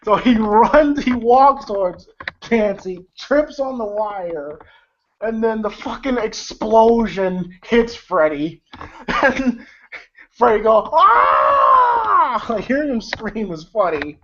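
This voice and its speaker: A man's voice: sits high, lively intonation, slow. Rambling man recapping a movie, lo-fi. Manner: rambling, loose, with many fillers, swearing and chuckles. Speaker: movie reviewer. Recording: lo-fi with faint noise.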